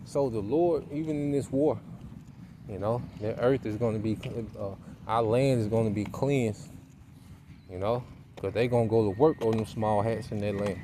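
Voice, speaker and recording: A man giving an informal sermon, reading scripture verses aloud more slowly and tagging his points with "okay?" and "man". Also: lowish voice, background noise. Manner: punctuates with tag questions and "man". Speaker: preacher.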